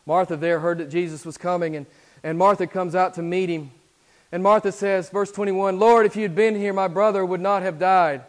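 A male pastor preaching a sermon, his voice sitting a little high for a man. He drops to hushed, intense passages and then climbs into loud, urgent exhortation. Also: fairly even intonation, normal speed.

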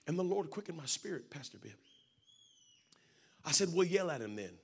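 A man preaching a sermon, telling a story and then building to shouted, fervent preaching. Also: on the high side, very animated, moderate pace, long pauses, slightly rough.

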